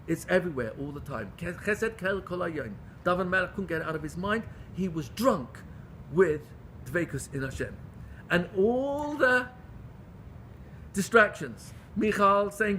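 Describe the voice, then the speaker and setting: This man's voice sits high, bright and pushed, with a sing-song lilt and a measured pace, and there's slight background noise. He teaches a Torah class in English with pleading passion, frequently restarting phrases and using Hebrew terms.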